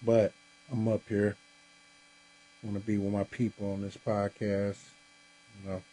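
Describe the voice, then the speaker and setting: This podcast host speaks unhurriedly in a lowish, warm, level voice during a casual live-stream from home, where a Christmas tree stands in the room. He's tired and yawning after a long day, laid-back, addressing viewers directly and saying "y'all." The recording is rough, with slight background noise.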